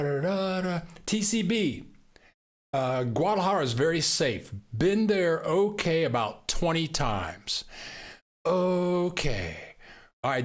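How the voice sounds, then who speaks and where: A man's voice: on the high side, fairly bright tone. An American man hosting a casual live stream, reading viewer comments and answering in a rambling way with many fillers, saying he is losing his voice. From United States. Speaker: YouTube host.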